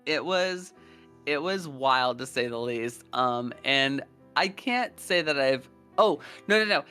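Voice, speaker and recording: A young man co-hosting a podcast, telling animated, profane stories in casual chat. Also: slow pace, clear, resonant tone, faint music behind. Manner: animated, swearing, acts out quoted people in a higher voice. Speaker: podcast co-host.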